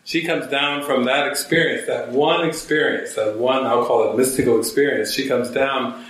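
A man's voice: mid-range voice, steady tone, normal speed, a bit bright. A man, a spiritual teacher, telling a story to a gathering and acting out quotes in shifting voices. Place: church hall. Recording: very echoey room, mic far off.

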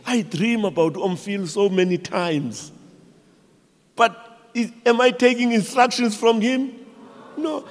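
A man's voice: high-pitched, takes it slowly, long pauses. A man with a South African accent, a pastor preaching a sermon and acting out the people in his stories. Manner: animated storytelling preacher, acting out quoted voices. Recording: long reverb of a large church hall.

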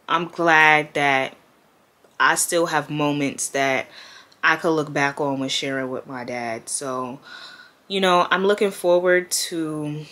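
Young woman vlogger from Queens with a New York accent, grieving, casual and profane, deep voice with a bright edge. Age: 20s. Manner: grieving, candid, slangy and profane. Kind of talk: casual talk to camera. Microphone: camera mic.

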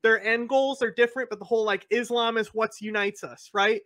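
A man with a high, bright, cutting voice holds court in a loose podcast conversation. He is blunt and profane, often mocking and talking over the others. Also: fairly even intonation, fairly quick. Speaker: podcast co-host. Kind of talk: casual heated chat.

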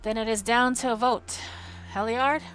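Woman doing a stern small leader man, firm and bossy, a bit higher, audiobook voice. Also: steady tone, moderate pace, a bit bright, soft background music, close to an everyday voice. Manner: firm, authoritative. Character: small commanding male leader, stern and reasonable.

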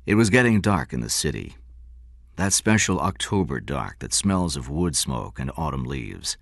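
Deep guy reading a story, really lively pitch, dry close sound. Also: vocal fry, no room sound. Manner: measured, expressive storytelling. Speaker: audiobook narrator. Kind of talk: scripted narration.

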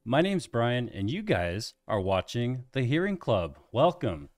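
A man's voice: mid-range voice, sing-song, unhurried, darkish tone, no room sound, clean studio sound. A middle-aged man hosting an explainer video, teaching in plain, friendly layman's terms. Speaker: host explaining hearing tests.

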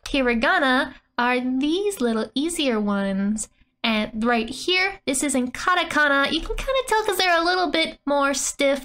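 A woman's voice: sits high, fairly bright tone. Giggly woman teaching Japanese. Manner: giggles often between explanations; chatty and playful. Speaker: online Japanese tutor. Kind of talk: casual language lesson walking through manga panels.

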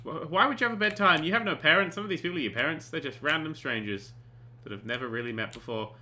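A man giving sarcastic, excitable commentary while playing a life simulation game, often swearing and bursting into panicked shouts. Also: fairly high pitch, fast talker. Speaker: gaming channel host. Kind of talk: comedic let's play commentary.

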